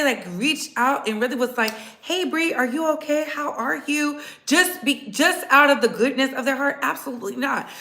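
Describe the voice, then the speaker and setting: A woman hosts a casual livestream, blunt and sassy as she talks straight to viewers in the chat. Her voice is high-pitched, bright and forceful, in an echoey room.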